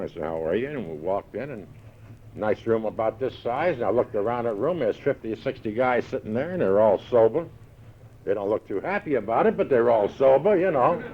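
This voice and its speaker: An older American man spins a wry, self-mocking story at a recovery meeting, slipping into the voices of the people in it. His voice sits in the middle range. It comes through a dull, lo-fi 1978 tape with a faint hiss underneath. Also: medium pitch. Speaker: AA speaker. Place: large hall with live audience.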